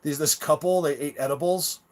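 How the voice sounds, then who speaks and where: A man's voice: a little high, brisk. Rambling laid-back guy chatting on a live stream. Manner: rambling, with many restarts and stammered repeats; laid-back and chummy, laughing at his own stories. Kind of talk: casual live-stream chat with viewers.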